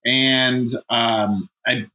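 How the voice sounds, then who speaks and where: A man's voice: mid-range voice, steady tone, drawn-out words, sharp tone, reverberant. A man co-hosting a casual podcast chat, stumbling over names, laughing at himself and swearing freely. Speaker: podcast co-host.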